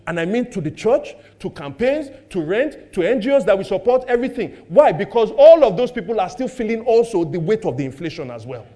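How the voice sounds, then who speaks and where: Animated Nigerian pastor, high voice. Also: male voice, brisk, few pauses. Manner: animated, rhetorical questions to the congregation, jokes about his own household. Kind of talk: sermon.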